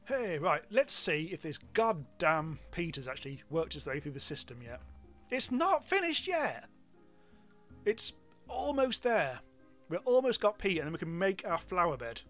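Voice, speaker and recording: A British man commentating a game stream in a loose, rambling, self-mocking way. His voice sits a touch higher than most men's. Faint game music plays quietly behind him. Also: expressive, fairly quick, few pauses. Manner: chatty, rambling, self-mocking with frequent ums. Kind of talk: live gameplay commentary.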